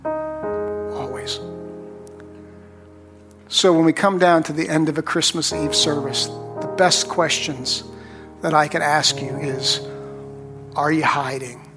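Male pastor preaching slow, kinda high voice, faint music behind. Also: steady tone. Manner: slow, emphatic preaching with long pauses. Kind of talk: sermon.

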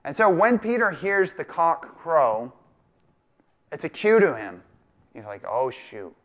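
A man's voice: on the high side, big pitch swings, a little slow. A male pastor preaching a sermon in a casual, conversational way, now and then acting out quoted lines with a laugh. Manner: conversational, acts out quoted voices and jokes.

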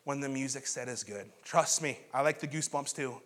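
A man's voice: medium pitch, fairly quick, fairly bright tone. A man preaching a sermon as pastor, earnest and building to fervent emphasis.

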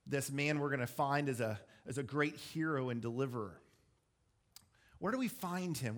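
Male pastor, slightly high voice, casual explanatory sermon delivery with self-deprecating asides. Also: a bit bright.

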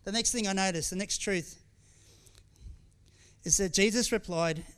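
High-voiced, candid pastor. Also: male voice, measured pace, a bit bright, clean tone. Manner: candid, conversational, with frequent restarts and asides. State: tearful at times. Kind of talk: sermon.

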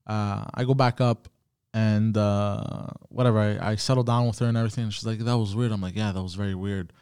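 A man's voice: fairly low pitch, fairly even intonation, brisk, a little mellow, clear, resonant tone, no echo, clean studio sound. A man hosting a podcast, telling a story in a casual, profane way with many fillers and restarts. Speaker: podcast host.

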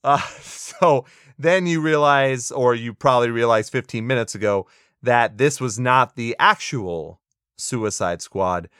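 A man's voice: medium pitch, measured pace, fairly bright tone, clean tone, dry recording, studio quality. A man co-hosting a casual movie review podcast, opinionated and sarcastic, laughing often as he talks. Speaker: podcast co-host.

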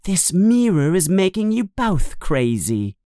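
A man reading a storybook aloud, voicing a cautious, clever schoolgirl with a wary, hushed manner. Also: high-pitched, sing-song, slow pace, no room sound, studio quality, voice pushed up, heavily acted.

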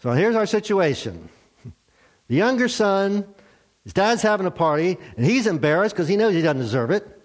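Man, pastor, sermon, storytelling delivery, lively swooping pitch. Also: normal speed. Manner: animated storytelling, acts out characters.

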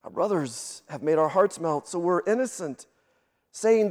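Guy preaching a sermon, really high voice, repeats himself when he starts a line, echoey church hall. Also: expressive, moderate pace, darkish tone. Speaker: guest pastor.

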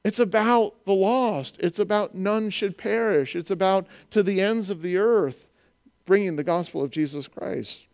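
A man in his forties preaching a sermon, animated and joking with the congregation, acting out little voices. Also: high voice, unhurried. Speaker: pastor.

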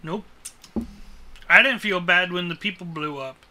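A man co-hosting a podcast, tossing in quick jokes during casual movie chat. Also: sits high, bright, forceful tone. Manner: quick joking quips. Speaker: podcast co-host.

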